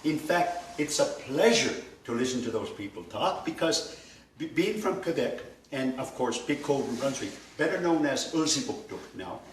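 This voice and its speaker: A man teaching a language workshop, telling anecdotes in a lively way and laughing along with them. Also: mid-range voice, moderate pace. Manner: lively, laughing as he tells stories. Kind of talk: anecdotal storytelling lecture. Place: workshop room. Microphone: distant mic. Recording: echoey room, far from mic, noisy.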